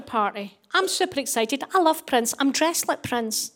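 A woman's voice: sits high, normal speed, noisy background. A middle-aged Scottish woman doing stand-up comedy, telling a story and acting out the voices of the people in it. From Scotland. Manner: animated, acts out voices, laughs through punchlines.

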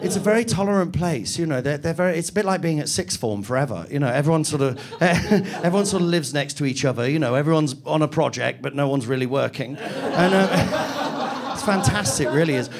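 A man's voice: on the high side, brisk, few pauses. A man from Nottingham doing a stand-up set, chatty and self-mocking, often laughing through his lines. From England (Nottingham). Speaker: stand-up comedian. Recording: live venue with audience laughter.

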